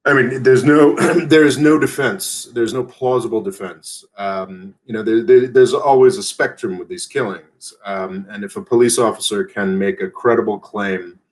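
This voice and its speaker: A man hosting a live news brief, talking off the cuff with many pauses, fillers and restarts. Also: on the low side. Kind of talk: casual unscripted live commentary.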